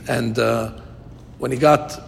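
A man's voice: slow pace, creaky. A man teaching a Talmud class, telling stories and lifting his voice to quote Hebrew verses. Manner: lively storyteller, rises to quote Hebrew verses. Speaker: Torah teacher. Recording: long reverb with faint rumble.

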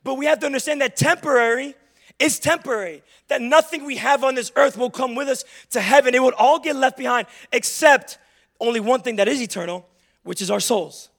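A man's voice: very high voice, a little fast, fairly bright tone. A young adult man preaching a sermon in church, telling funny, confessional stories to make his point. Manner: humorous, confessional storytelling. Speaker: pastor.

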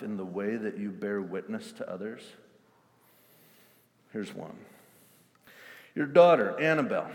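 A male pastor preaching a sermon with intensity, animatedly acting out everyday scenes. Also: lowish voice. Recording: long hall reverb.

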